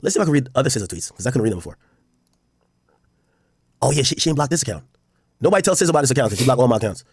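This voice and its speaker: A man's voice: medium pitch, big pitch swings, very fast, long pauses, a little mellow, breathy edge, no room sound, clean studio sound. A man streaming casual commentary to his chat, reading posts aloud and reacting bluntly, with frequent profanity.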